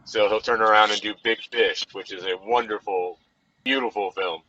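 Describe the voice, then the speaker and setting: This man's voice is lowish and slightly rough, steady in tone, pushed and bright, and delivered at a normal speed. He's a podcast co-host rambling about films from his car while driving, saying "you know" constantly. There's no room sound, though the recording is dull and lo-fi with faint noise behind it.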